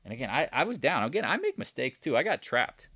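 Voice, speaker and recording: A man's voice: mid-range voice, big pitch swings, quick pace, pushed and bright, breathy edge, dry recording. Man, stock market recap, casual, joking, rambling, sound effects, dry close mic. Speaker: market commentator.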